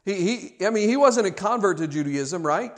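A man's voice: high-pitched, expressive, normal speed. Earnest stammering male preacher. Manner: earnest, repetitive, stammering restarts, rhetorical questions. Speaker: pastor. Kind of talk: sermon.

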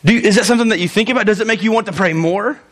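A young man preaching a sermon, animated, joking in asides and talking straight to his listeners. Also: sits high, racing. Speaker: pastor.

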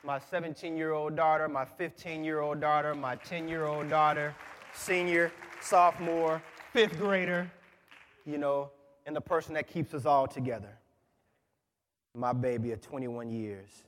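A man in his forties, a guest preacher, giving a sermon in a lively, joking, conversational way. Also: fairly high pitch, measured pace, a faint crowd, a little hiss or hum. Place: large church. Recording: church with long reverb. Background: congregation.

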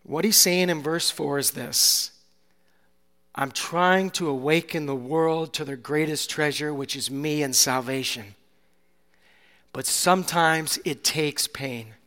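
A male pastor preaching a sermon with passion, swinging from soft, hushed moments to loud, climactic peaks. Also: fairly high pitch, a little slow. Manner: impassioned, builds to loud climaxes, drops to soft near-whispers. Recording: long hall reverb.

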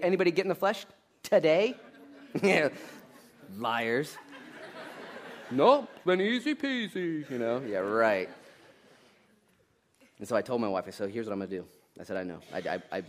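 A man in his thirties preaching a sermon, jokey and animated, swinging between loud bursts and quiet asides. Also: on the low side. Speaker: pastor.

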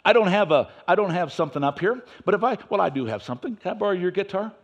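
A man preaching a sermon in church, swinging between loud emphasis and quiet asides. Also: high-pitched, animated, fast, lo-fi sound. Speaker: pastor.

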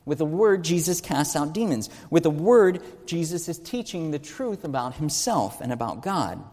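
A man's voice: on the high side, big pitch swings, moderate pace, darkish tone, big-room sound. A man giving an earnest teaching sermon, stressing key words and asking rhetorical questions. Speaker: preacher.

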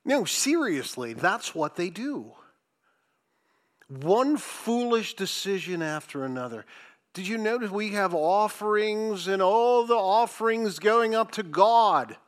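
A man preaching a sermon, reading scripture and commenting with sarcasm, swinging from loud emphasis to hushed asides. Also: sits high, animated, slow.

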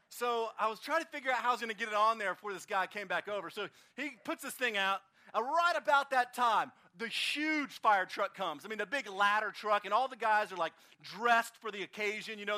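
A man preaching outdoors at a park service, telling a lively anecdote and acting out the other people in it. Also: high voice. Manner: animated, acts out voices in anecdotes. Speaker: pastor. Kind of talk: storytelling sermon.

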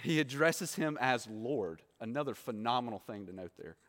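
A man's voice: medium pitch, expressive, moderate pace, fairly bright tone. A man preaching a sermon, asking the listeners rhetorical questions and acting out the quoted voices. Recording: long hall reverb.

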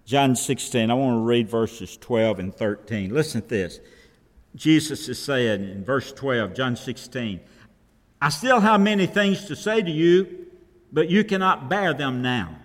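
Male pastor, sermon delivery, slow emphatic pacing, expressive pitch, recorded with long hall reverb. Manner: slow, emphatic preaching with scripture quotes. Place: church sanctuary.

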